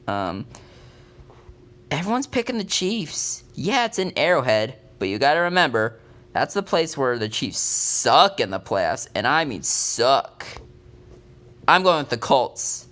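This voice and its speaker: Lively, bright-voiced male sports fan. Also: mid-range voice, a little slow. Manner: excitable rambling fan talk. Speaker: vlogger. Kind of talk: casual sports predictions vlog.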